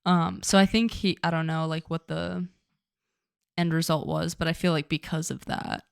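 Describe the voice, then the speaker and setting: A woman co-hosting a podcast in casual chat, chatty and animated with lots of fillers. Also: low voice, moderate pace, vocal fry, clear, resonant tone, no echo, clean studio sound. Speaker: podcast co-host.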